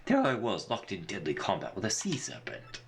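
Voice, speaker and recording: A man's voice: fairly low pitch, wildly swooping pitch, moderate pace, gravelly, slight background noise, full character voice. A man voicing a pompous, vain male pirate captain while reading game dialogue aloud in a theatrical, boastful way.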